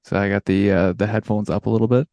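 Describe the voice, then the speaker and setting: A man's voice: lowish voice, fairly even intonation, fast talker, dark tone, dry recording. A man co-hosting a podcast, easygoing and laughing along in casual chat. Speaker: podcast co-host.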